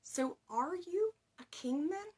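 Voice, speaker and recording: A woman voicing a weary, stern male Roman governor in a read-aloud story, speaking slowly and firmly. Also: extremely high pitch, lively intonation, a little mellow, pitched above the performer's own voice, full character voice. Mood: questioning.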